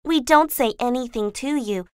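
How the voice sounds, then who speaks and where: A man's voice: very high voice, moderate pace, darkish tone, clear, resonant tone, no echo, studio quality, pitched above the performer's own voice. A man voicing an earnest young girl, the eldest sister, in an audiobook reading, with an emphatic, pleading manner.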